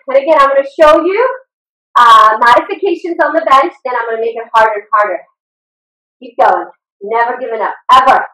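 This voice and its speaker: Working out alongside her class on a video call, this female instructor coaches a live online session with steady, encouraging cues while sounding breathless. Her pitch is fairly high and her pace fairly quick, with roomy audio captured at a distance from the mic.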